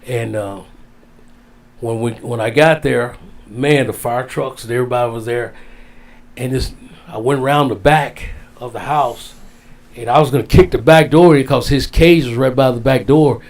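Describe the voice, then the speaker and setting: A man telling a heartfelt story as a guest, drawn out, dropping low and soft on the sad parts. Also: normal speed. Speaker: wrestling guest. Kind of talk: storytelling in casual interview.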